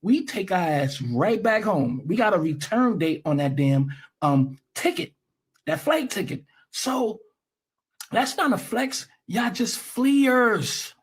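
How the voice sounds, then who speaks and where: A man's voice: high voice, very animated, a little slow, slightly rough. A man from the United States giving blunt, profane reaction commentary in a heated rant.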